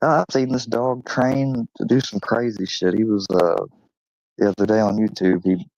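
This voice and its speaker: A man streaming from home, telling an animated story casually and swearing freely, and cooing at his dog. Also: normal speed, gravelly, dry recording, highs cut off. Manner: animated, swearing, high-pitched when imitating animals; coos at his dog in a high sing-song.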